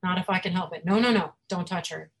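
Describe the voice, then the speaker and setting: A woman's voice: on the low side, quick pace, rough recording. A woman voicing an arrogant nobleman who gives orders in a cool, commanding way while reading her fantasy novel aloud. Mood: urgent. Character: arrogant scheming nobleman, adult man.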